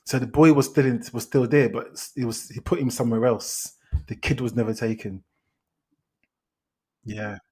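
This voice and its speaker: Man, husky voice, animated, exasperated, stumbling restarts, casual podcast chat. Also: medium pitch, moderate pace, pauses often. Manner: animated, exasperated, laughing retelling with many restarts. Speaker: podcast host, film reviewer. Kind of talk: casual film review chat.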